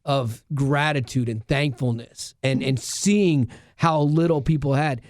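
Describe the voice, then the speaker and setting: A man's voice: mid-range voice, measured pace, few pauses, no room sound, studio quality. A man co-hosting a casual podcast, telling a personal story earnestly, with many restarts and asides. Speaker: radio show co-host.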